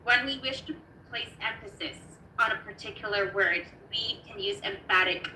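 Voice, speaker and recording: A woman learning English who is excitable and amazed, reading practice text aloud haltingly in casual study chat. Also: medium pitch, slight background noise. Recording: echoey room, distant mic.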